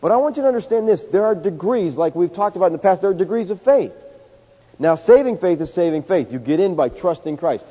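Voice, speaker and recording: A man's voice: lively intonation, fast talker. Preacher man in a reverberant hall. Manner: emphatic, rising to loud peaks then dropping low. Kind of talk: sermon. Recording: dull sound with long hall reverb.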